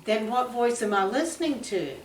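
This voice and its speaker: A woman's voice: a little high, expressive, normal speed, distant mic, slight background noise. A woman from a church class chatting casually and reminiscing with her pastor. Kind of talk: casual chat. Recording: echoey room, voice from afar.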